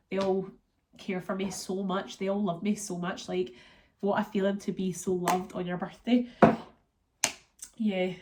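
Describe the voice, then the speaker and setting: A woman's voice: medium pitch, background noise. A Scottish woman vlogging in a casual, rambling chat, sounding congested and run down from being ill. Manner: chatty, rambling, lots of fillers.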